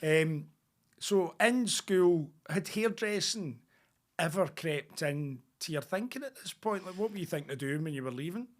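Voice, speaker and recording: A man with a Glaswegian accent hosts a relaxed podcast chat. He keeps it chatty and jokey, often poking fun at himself. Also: a little high, normal speed. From Scotland. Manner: chatty, jokey, self-deprecating. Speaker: podcast host. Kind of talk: casual interview chat.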